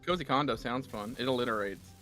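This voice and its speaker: A man's voice: mid-range voice, fast talker, pushed and bright, faint music behind. A man with a Southern US accent hosting a casual gaming stream, chatting and telling rambling stories. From Southern United States. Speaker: streamer host reading chat.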